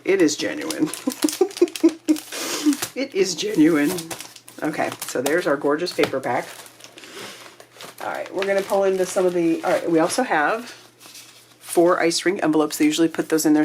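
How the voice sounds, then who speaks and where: A woman with a low voice chats through a craft kit unboxing. She gushes with excitement and sometimes drops into a breathy whisper. Faint noise sits under the recording. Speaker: crafting channel host. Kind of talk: casual unboxing chat.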